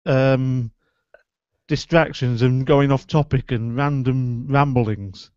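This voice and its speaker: A man's voice: medium pitch, fairly even intonation, slow pace, darkish tone, clean tone, dry recording. A man co-hosting a live podcast, joking and teasing. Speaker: podcast co-host. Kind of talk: casual live podcast chat. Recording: dull lo-fi live stream audio.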